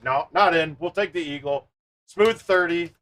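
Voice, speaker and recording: High-pitched guy streaming a golf game, chatty, greets chat by name. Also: unhurried. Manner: chatty, greets viewers by name, thinks out loud. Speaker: live stream host playing a golf arcade game. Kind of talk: casual live-stream commentary.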